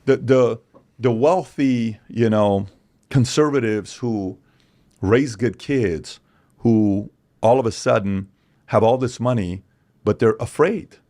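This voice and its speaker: A man in his forties, a podcast guest, speaking in an animated, opinionated monologue full of rhetorical questions and acted-out quotes. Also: medium pitch, slow. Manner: acts out quoted voices, emphatic, rhetorical questions.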